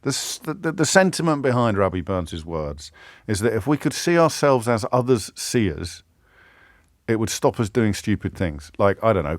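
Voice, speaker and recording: A man's voice: low-pitched, no room sound, studio quality. A man hosting a radio phone-in, wry and sardonic as he takes calls. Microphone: studio microphone.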